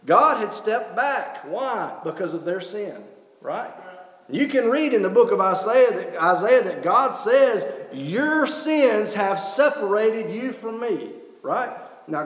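A man preaching a sermon, emphatic and full of rhetorical questions, recorded in a church. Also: high-pitched. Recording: echoey church hall.

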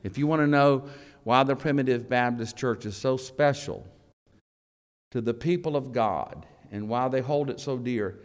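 A man preaching a sermon to his congregation as their elder, emphatic and deliberate, with long pauses between phrases. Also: medium pitch. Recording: long reverb of a large hall.

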